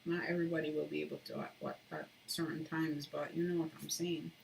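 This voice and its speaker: A woman's voice: deep voice, level tone, a little fast, gravelly, a little hiss or hum. A woman hosting a casual live stream from indoors at home, chatting with viewers and reading their comments aloud while she carves, with frequent laughter.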